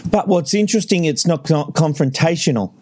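Male podcast co-host, explanatory, slightly high pitch. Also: animated, brisk, darkish tone, husky. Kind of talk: casual narration and analysis.

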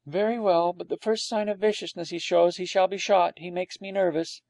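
Brief: man playing a fussy, nervous lady of the house, high and dry. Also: fairly even intonation, normal speed, a little mellow, no echo. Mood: anxious. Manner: fussy, anxious. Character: fretful wealthy mother, nervous and disapproving.

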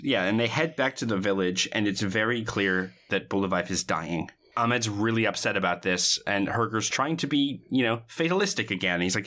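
A woman's voice: a bass voice, normal speed, few pauses. A woman hosting a podcast, retelling a movie in casual chat and acting out the characters' lines. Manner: animated retelling, quoting characters with laughter. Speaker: podcast host.

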